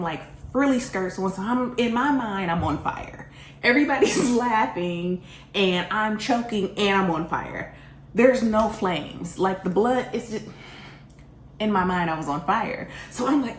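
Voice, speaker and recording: A woman telling a personal story in a casual storytime vlog, animated and self-mocking, often laughing. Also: medium pitch. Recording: roomy echo, faint background hiss.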